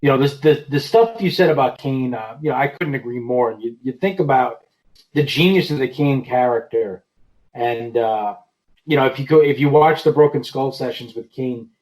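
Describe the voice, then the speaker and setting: A man guesting on a podcast, chatting about wrestling in a relaxed way with lots of fillers. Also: mid-range voice, rough recording. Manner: relaxed, heavy on "you know" fillers. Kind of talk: casual wrestling podcast chat.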